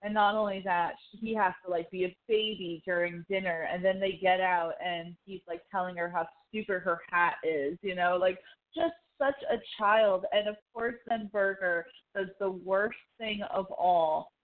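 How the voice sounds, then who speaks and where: A woman co-hosting a casual chat, telling a long story in a rambling, animated way full of "like". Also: on the low side, normal speed. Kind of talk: casual chat recapping a TV show. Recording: phone-like narrow sound.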